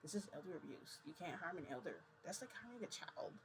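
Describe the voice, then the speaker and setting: A woman's voice: lowish voice, sing-song, fast, noisy background. A woman doing an old lady's voice as she scolds someone for elder abuse. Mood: scolding. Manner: scolding, indignant. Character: woman faking a frail old grandmother.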